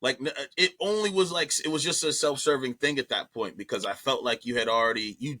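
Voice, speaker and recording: A comedian guest telling a story in casual chat, profane and animated, jumping into other people's voices as he goes. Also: medium pitch, a little fast, few pauses.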